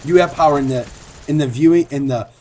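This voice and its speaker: A man's voice: fairly high pitch, fast, darkish tone. A man giving a casual, earnest video commentary as a gaming commentator, rambling and repeating himself.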